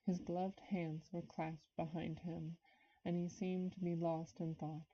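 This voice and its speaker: Low, flat-voiced woman reading aloud. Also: a little slow. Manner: nervous, stops to comment and greet chat viewers. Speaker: reader of a classic novel. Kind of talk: live-streamed book reading. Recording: dull lo-fi stream audio.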